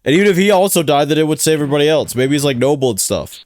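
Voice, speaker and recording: A young man hosting a reaction video, joking around and thinking out loud in casual slang. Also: fairly high pitch, animated, rapid-fire, no echo, clean studio sound.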